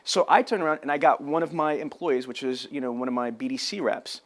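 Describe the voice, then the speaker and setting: A man giving an energetic sales training talk on camera, telling stories and acting out phone calls. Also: mid-range voice, a little fast. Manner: animated storyteller, acts out phone calls.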